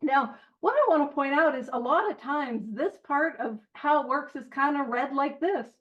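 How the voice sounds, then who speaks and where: A woman hosts a recovery literature study, talking casually and earnestly, chatty, self-deprecating and prone to tangents, with passages read aloud. Her voice sits high and is expressive, at a moderate pace, with lo-fi sound.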